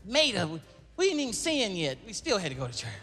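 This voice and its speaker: Animated male comedian telling stories. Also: sits high, fast, faint music behind. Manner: animated, laughing, punchy. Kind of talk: stand-up storytelling.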